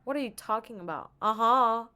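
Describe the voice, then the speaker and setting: A woman's voice: fairly high pitch, a little fast, bright, forceful tone, clear, resonant tone. A young woman chatting casually on a live stream into an earbud mic, rambling and giggling in a playful way.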